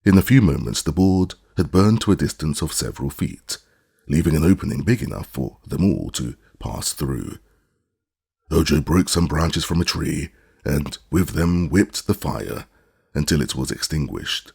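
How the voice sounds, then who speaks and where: A man narrating a classic children's novel as an audiobook, telling it in an expressive, animated way. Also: extremely low pitch, moderate pace, creaky, breathy edge. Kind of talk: scripted storybook narration.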